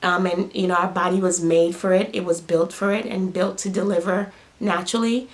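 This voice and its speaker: A woman's voice: on the low side, steady tone, brisk. A young woman and new mother telling a personal story to camera in a casual, emotional way, close to tears, repeating herself often. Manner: emotional, repeats words, many fillers.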